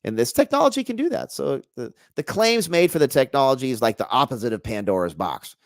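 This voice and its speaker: Speaking briskly in a medium-pitched, creaky voice, a man joins a casual chat as a guest researcher. He's animated and jokey, dropping sentences midway and starting over, captured in a dry, clean studio recording.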